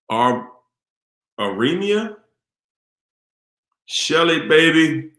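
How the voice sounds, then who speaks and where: A man hosting a live stream in a relaxed, upbeat way, greeting viewers by name as he signs off. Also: on the high side, unhurried, pauses often. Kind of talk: casual live-stream sign-off. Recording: echoey room.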